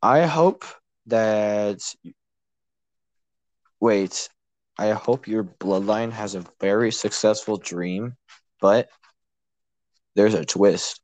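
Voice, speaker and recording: A teenage boy in middle school, chatting on a podcast and cracking goofy deadpan jokes. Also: fairly low pitch, very slow, long pauses, dry recording. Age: teens. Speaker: podcast co-host. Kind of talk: casual chat.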